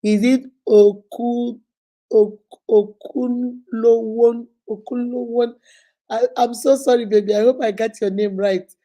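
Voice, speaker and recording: A woman's voice: on the high side, fairly even intonation, takes it slowly, dark tone. A woman in her fifties hosting a casual live stream, chatting, laughing often and greeting viewers one by one. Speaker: host.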